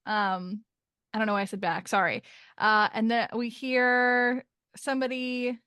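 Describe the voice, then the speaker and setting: A woman's voice: medium pitch, a little slow, pushed and bright, clean tone, dry recording, clean studio sound. A young woman co-hosting a podcast, recapping a comic chapter in casual chat, chatty and self-deprecating, often laughing. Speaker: podcast co-host.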